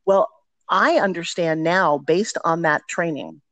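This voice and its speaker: A woman's voice: lowish voice, measured pace, fairly bright tone, no echo. A middle-aged woman telling candid stories as a podcast guest, talking with energy and emphasis. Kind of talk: podcast interview storytelling.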